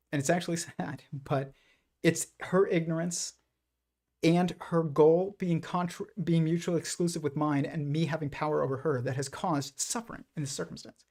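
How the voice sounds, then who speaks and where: A man with a gravelly, fry-edged voice that sits a little high for a man. He muses out loud on his livestream at a loose, rambling pace, backing up and restarting his sentences as he thinks. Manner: rambling, reflective, many fillers and restarts. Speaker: livestream host. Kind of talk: casual livestream monologue.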